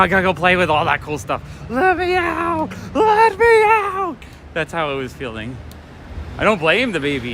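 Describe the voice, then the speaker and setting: A man's voice: a little high, bright, forceful tone, slight background noise. A man vlogging as he walks outdoors along city streets, telling rambling stories with laughs as he goes. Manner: rambling, chatty storytelling with laughs. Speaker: vlogger and toy shop owner. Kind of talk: casual walk-and-talk vlog.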